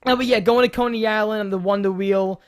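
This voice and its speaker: A young man, co-hosting a casual podcast, telling rambling stories full of swearing and loud acted-out quotes. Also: high-pitched, fairly even intonation, brisk. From New York. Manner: rambling storyteller, swears a lot, acts out quotes loudly. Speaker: podcast co-host, YouTuber. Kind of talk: casual chat.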